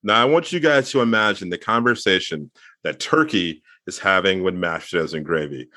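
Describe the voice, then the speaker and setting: A man's voice: low-pitched, brisk, pushed and bright, no room sound, clean studio sound. A man co-hosting a podcast, riffing playfully with mock-serious buildups. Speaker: podcast co-host. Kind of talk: casual comedic chat.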